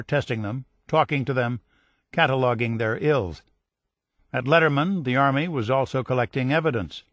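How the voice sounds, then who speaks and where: A man reading a history audiobook in measured scripted narration, lifting his voice for quoted dialogue. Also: medium pitch, fairly bright tone, no echo. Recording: dry studio voice-over.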